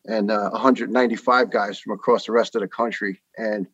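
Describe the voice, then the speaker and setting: A man in his fifties with a New York accent, a podcast guest telling stories earnestly with many pauses and uhs. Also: lowish voice, fairly even intonation, fairly bright tone, slightly rough, no echo, lo-fi sound. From New York City. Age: 50s. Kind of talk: casual interview talk.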